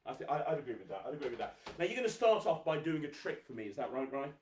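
A man hosting a live children's magic show, energetic, coaxing and teasing as he gets the viewers to clap and cheer. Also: a little high, very fast, echoey room, distant mic, slight background noise. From England. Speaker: host, magician.

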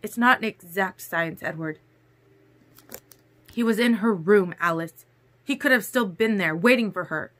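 A woman voicing a calm, fatherly male vampire doctor who speaks in a calming way in a storybook reading. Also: mid-range voice, measured pace, long pauses, natural voice.

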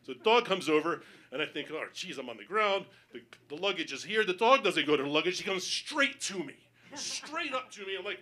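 A male stand-up comedian telling a story on stage, acting out the voices of other people and building up to panicked shouting. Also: high-pitched, animated, a little fast.

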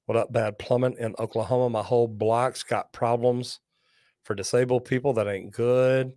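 Hosting a live plumbing question-and-answer show, a man tells folksy, lively tales and jokes around between viewer comments. His medium-pitched voice moves at a moderate pace, captured close and dry without any room sound.

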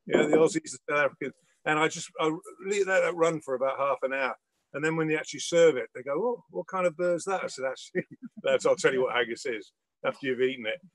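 A man's voice: medium pitch, quick pace, no echo, low-quality recording. An older man hosting a casual cookalong, telling stories while he cooks. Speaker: celebrity cook host. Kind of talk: casual chat while cooking.

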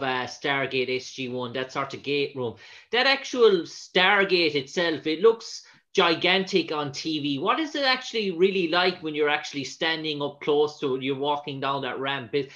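A man's voice: on the high side, lively intonation, moderate pace, a bit bright, dull audio. A male interview host asking a long, rambling question with several restarts.

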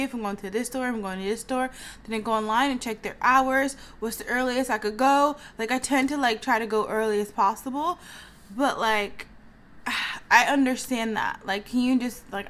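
Young woman, higher-pitched, casual vlog chat, venting and sighing. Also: fairly bright tone. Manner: venting, chatty, heavy use of "like", frequent sighs. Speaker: vlogger.

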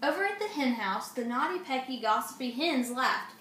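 A woman reading a children's picture book aloud, expressive, with asides to young listeners. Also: a little high, fairly quick, hardly any pauses, roomy sound, a little hiss or hum. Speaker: storybook reader.

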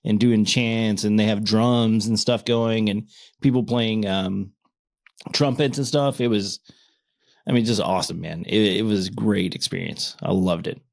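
Low-voiced guy in his 30s, casual podcast chat, trips over his words when he gets excited. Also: a little slow, creaky. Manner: stutters and restarts when excited, laughs often. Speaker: podcast co-host.

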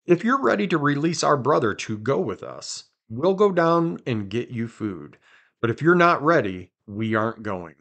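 A man hosting a podcast, reading scripture aloud with quiet dramatic emphasis and chatting between passages. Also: medium pitch, very animated, normal speed, gravelly. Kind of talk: conversational Bible reading.

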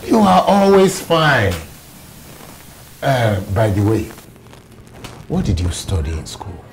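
A well-off Nigerian chief who talks down to a young man with easy goodwill. His voice is low and mellow, with a slow, drawn-out delivery that swings widely in pitch. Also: lively intonation, a little hiss or hum. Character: wealthy older male chief, genial boss. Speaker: employer. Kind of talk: film drama acting.

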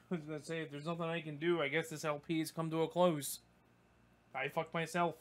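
A young man commentating his gameplay, swearing a lot and breaking into yelps and shouts when things go wrong. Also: fairly high pitch, level tone, brisk. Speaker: gaming YouTuber. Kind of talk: let's play commentary.

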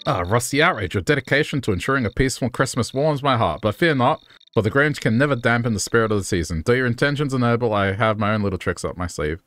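A man's voice: mid-range voice, lively intonation, fast talker, fairly bright tone, slight background noise, natural voice. Synthetic man voicing jolly old Santa, flowery and cheery. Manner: cheery, flowery storybook speech. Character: jolly old Santa Claus, warm and grandfatherly.

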